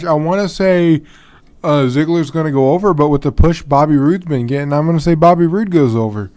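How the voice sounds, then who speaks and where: A man's voice: fairly high pitch, normal speed, a little mellow, clear, resonant tone. A man hosting a podcast on his own in a casual, rambling way, full of ums and restarts, yawning and tired. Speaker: podcast host. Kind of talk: casual solo podcast talk.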